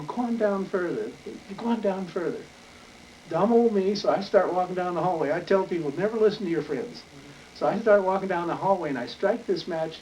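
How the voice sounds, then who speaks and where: A man's voice: a little high, darkish tone. An older man from Wyoming telling a rambling, folksy story in an oral history interview. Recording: distant mic with faint noise.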